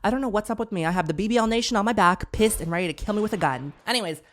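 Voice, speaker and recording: This is a young woman in her twenties hosting her own podcast, chatting casually at a middle pitch. She rambles and exaggerates, often building up into dramatic, excitable outbursts. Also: rapid-fire. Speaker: podcast host. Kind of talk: casual chat with a sponsor read.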